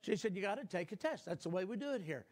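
An older man preaching a sermon, telling a folksy personal story and rising to shouted emphasis. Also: high voice, expressive, fast talker.

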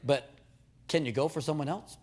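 Man, preacher, sermon, slightly high voice, animated storytelling, repeats words, jokes with the congregation. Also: normal speed.

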